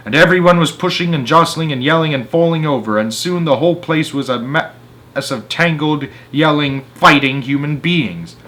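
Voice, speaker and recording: A man reading a children's book aloud, expressive, with small slips and restarts. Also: mid-range voice. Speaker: storyteller.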